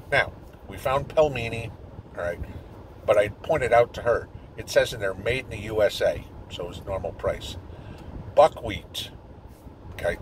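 A man's voice: mid-range voice, a little hiss or hum, rough recording. A middle-aged man with a blunt, sarcastic and profane manner, ranting from his parked car. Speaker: prepping vlogger. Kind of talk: angry opinion rant.

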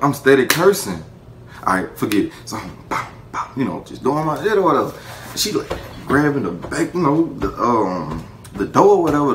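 A young man telling a casual story to the camera, animated and profane, breaking into laughter. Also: medium pitch, slight background noise. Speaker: vlogger. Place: indoor room, seated before camera.

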